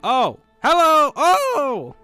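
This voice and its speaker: A man voicing a cheerful Warforged construct who dodges questions about his age, with a lively, raised voice. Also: very high voice, extremely slow, no echo, soft background music, pitched above the performer's own voice, full character voice. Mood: cheery.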